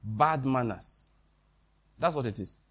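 A man's voice: mid-range voice, animated, takes it slowly, a bit bright, slightly rough. A man preaching a sermon in a conversational way, with quoted dialogue and questions to the congregation.

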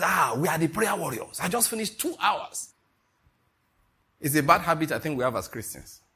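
A middle-aged man preaching a sermon, an animated storyteller who acts out the voices in his stories. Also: mid-range voice, husky. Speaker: pastor.

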